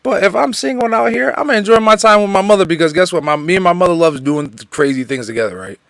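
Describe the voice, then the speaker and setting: Male podcast co-host, casual and slangy, animated delivery, dry mic. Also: sits high, fast, creaky, no echo. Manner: animated, repeats himself, slangy.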